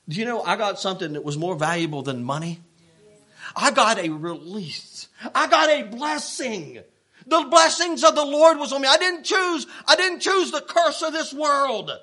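A man preaching a sermon, telling a story in an animated, worked-up way with plenty of restarts. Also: very high voice. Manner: folksy, animated, getting worked up.

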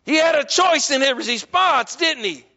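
A man preaching a sermon, emphatic, rising to near-shouts and then dropping low. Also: expressive, moderate pace, in a large hall, highs cut off.

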